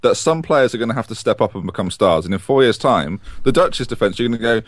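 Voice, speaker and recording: A podcast co-host with a voice on the low side talks fast about football, casual and joking. He sounds animated and rambling, recorded in studio quality with no echo.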